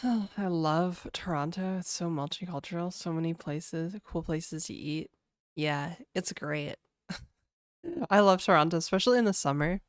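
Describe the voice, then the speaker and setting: Woman streamer, low-pitched, unhurried delivery, casual chat with viewers, dry close sound. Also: no echo. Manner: laid-back, chatty, full of "like" and "dude", laughing often. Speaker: game developer streamer.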